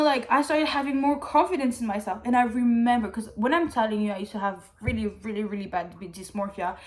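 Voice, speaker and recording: A woman talks straight to her viewers in a loose, wandering chat, her voice sitting a little high. She is candid and a bit emotional, leaning on "like" and dropping the odd swear word. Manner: rambling and candid, heavy on "like" fillers; swears freely. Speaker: vlogger. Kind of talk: casual chat.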